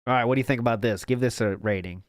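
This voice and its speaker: A man's voice: mid-range voice, very fast, background noise. A man hosting a stream, chatting casually and jokingly while reacting to food videos. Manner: playful, jokey, animated. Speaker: stream host.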